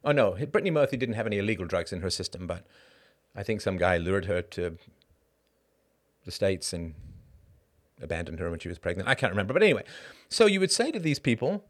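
A middle-aged man hosting a casual solo monologue, animated and rhetorical, with short laughs and frequent asides of "right?". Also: deep voice, fast. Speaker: podcast host.

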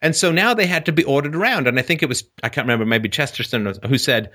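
A man hosting a call-in show, talking in an animated, joking way with frequent restarts. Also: medium pitch, fast talker, hardly any pauses. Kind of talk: casual call-in conversation.

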